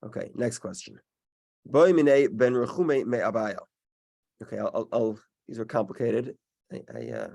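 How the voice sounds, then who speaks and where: Halting male Talmud teacher. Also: medium pitch, darkish tone. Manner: halting, many restarts, explains step by step. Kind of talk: daily Talmud class. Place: in-person class also streamed online.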